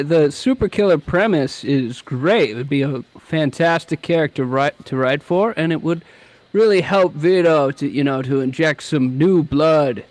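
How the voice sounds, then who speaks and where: A man's voice: on the high side, dry recording. A man, a comic writer, talking as a guest in casual chat, rambling with hesitant restarts and mocking quotes.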